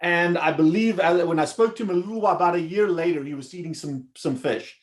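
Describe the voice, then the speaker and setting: A man's voice: on the high side, fast talker. A man from South Africa, a surgeon guest on a podcast, agreeing and telling stories in casual chat.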